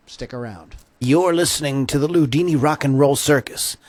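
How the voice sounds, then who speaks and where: A man's voice: mid-range voice, normal speed, a little mellow, dry recording. A man hosting a rock podcast livestream in casual chat, joking and rambling and stopping to correct himself, in a home studio. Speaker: podcast host. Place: home studio with a fan running.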